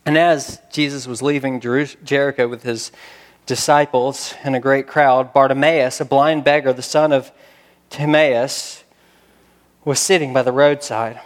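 A man's voice: medium pitch, steady tone, a little slow, long reverb tail. A man preaching a sermon, reading scripture and talking in a conversational way with rhetorical questions. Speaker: pastor.

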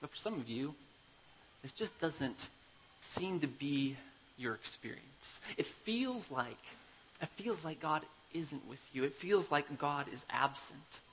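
A male pastor preaching a sermon, emphatic, moving between loud declarations and quiet, confiding passages. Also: fairly high pitch, lively intonation, slow pace, slight background noise, poor audio.

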